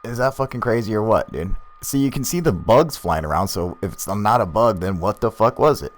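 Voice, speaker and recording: A man giving casual, profane, excitable commentary on video clips as the host. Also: fairly low pitch, brisk.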